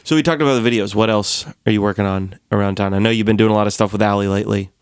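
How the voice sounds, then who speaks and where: A man's voice: lowish voice, fairly even intonation, racing, smooth, dry recording, studio quality. Chatty man hosting a casual chat. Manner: chatty, laughs often, lots of "like" fillers. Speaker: podcast host, musician.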